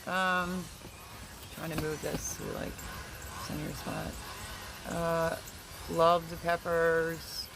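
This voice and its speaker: A man with a high voice chats loosely through a livestream, wandering from topic to topic and answering his viewers as he goes. He talks into a phone camera out in his backyard garden, with plenty of outdoor noise around him. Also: flat delivery, takes it slowly, vocal fry, long pauses. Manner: rambling, chatty, answers viewer comments. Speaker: livestream host, home gardener. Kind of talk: casual livestream chat. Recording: noisy outdoor ambience.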